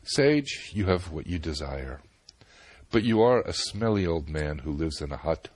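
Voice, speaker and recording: A young enchantress toys with an old sage in a coy, knowing tone, voiced by a man narrating a myth. His low, husky voice lifts only slightly for her. The sound is dry and close. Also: animated, a little slow, darkish tone, dry recording, exaggerated voice. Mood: commanding. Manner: coy, then commanding. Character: cunning young enchantress woman, coy and commanding.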